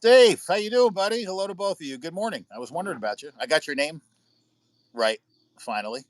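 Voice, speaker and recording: A man's voice: a little high, animated, fast talker, dry recording. Rambling American man hosting a live chat. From United States. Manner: rambling storyteller, swears freely. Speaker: livestream host. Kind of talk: casual chat with viewers. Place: indoors at home by a window.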